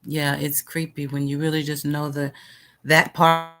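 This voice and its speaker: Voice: mid-range voice, flat delivery, unhurried, a bit bright. A livestream host in casual chat about a clip, talking to viewers by name. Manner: chatty, answers viewers by name.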